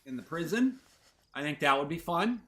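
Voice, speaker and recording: A man with a fairly high, expressive voice and a sharp tone speaks at normal speed while streaming a video game. He rambles playfully to his chat in casual commentary as he plays.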